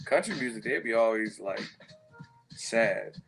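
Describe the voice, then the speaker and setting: A man's voice: medium pitch, a little slow, soft background music. A man hosting a live-stream chat, rambling and profane as he riffs on viewer comments. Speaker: host.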